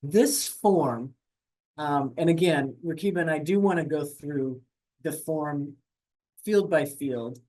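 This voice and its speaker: A grants administration staff member walking viewers through an online portal in a webinar, talking fast with frequent fillers and self-corrections. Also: medium pitch, darkish tone. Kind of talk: webinar screen-share walkthrough.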